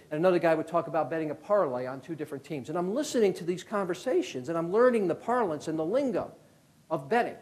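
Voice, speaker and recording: Giving a keynote, a Connecticut-born ex-FBI agent of about fifty spins lively anecdotes and plays each person in them. His voice sits a bit high, and he talks fast.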